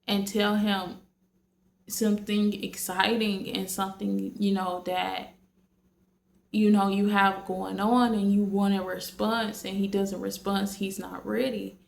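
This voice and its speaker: A woman's voice: mid-range voice, gravelly. A woman vlogging casually to her viewers late at night, rambling with many fillers and restarts. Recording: echoey room.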